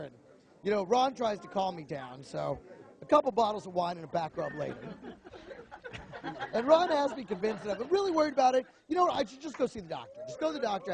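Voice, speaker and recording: A young man doing a stand-up comedy routine on a club stage, telling stories animatedly and slipping into quick voices. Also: high voice, creaky. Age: young adult.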